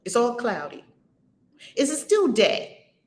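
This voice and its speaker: A woman's voice: fairly high pitch, huge pitch swings, slow pace, echoey room. Emphatic woman teaching a spiritual lesson. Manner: emphatic, asks many rhetorical questions. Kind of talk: spiritual teaching with questions to a student. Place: home.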